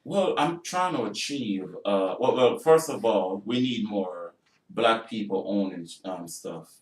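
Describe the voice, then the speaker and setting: A man's voice: lowish voice, unhurried, roomy sound, far from the mic, rough recording. A man with a non-American accent, an actor and producer, talking casually as a radio interview guest, full of fillers. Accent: non-American English accent. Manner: chatty, animated storytelling with many fillers.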